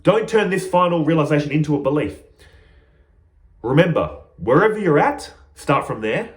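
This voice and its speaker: A man teaching spiritual ideas through an emphatic, animated parable. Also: on the high side, moderate pace. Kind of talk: storytelling teaching talk. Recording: roomy echo.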